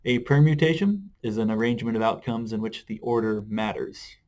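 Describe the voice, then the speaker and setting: A man explaining math in a video lesson, relaxed, with frequent "uh" fillers. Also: on the low side, fairly quick. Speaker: math teacher.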